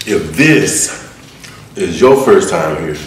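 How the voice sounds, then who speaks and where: A man chats casually while he eats, relaxed and a little mumbled between mouthfuls. His voice sits very low. The room is echoey, with a faint hiss behind him. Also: slow. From Atlanta, US. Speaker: mukbang host. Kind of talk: casual eating vlog chat. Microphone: close mic for eating sounds. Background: eating and crunching sounds.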